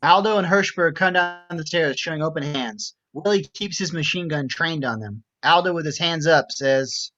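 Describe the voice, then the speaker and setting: A man reading stage directions aloud in a steady, matter-of-fact way. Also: fairly high pitch, moderate pace, few pauses, dull audio. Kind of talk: script reading narration.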